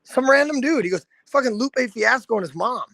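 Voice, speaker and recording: A man in his thirties from the American Midwest, a guest telling a casual story, animated and swearing freely. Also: very high-pitched, a little fast, vocal fry, dry recording. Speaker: guest, lead singer.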